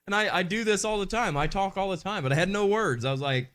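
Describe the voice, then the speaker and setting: A man's voice: sits high, normal speed, fairly bright tone, clean tone. A man co-hosting a live podcast, chatting casually and reading viewer comments aloud in an upbeat way. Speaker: podcast co-host.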